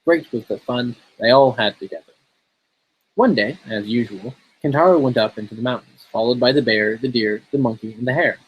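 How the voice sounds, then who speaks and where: A man reads an old fairy tale aloud in a relaxed, steady manner. His voice is breathy and a little husky, at an ordinary middle pitch. It sounds like casual storytelling, not a polished performance. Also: brisk, dull audio.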